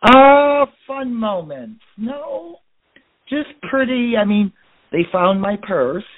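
A podcast co-host chatting casually, reacting with short expressive exclamations. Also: medium pitch, slow pace. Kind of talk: casual chat. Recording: phone-like, narrow band.

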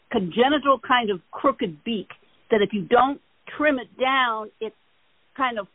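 A woman's voice: mid-range voice, dry recording. Chatty woman on a tinny line. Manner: rambling, animated storytelling. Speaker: host. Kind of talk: casual chat.

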